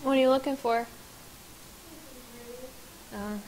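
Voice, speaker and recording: Lady game streamer chatting live, keeps cracking up laughing, kinda high voice, slow easy talk, faint hiss behind. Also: fairly even intonation. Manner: giggly, bursts into laughter; effusive, repeats praise. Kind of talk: casual live-stream chat.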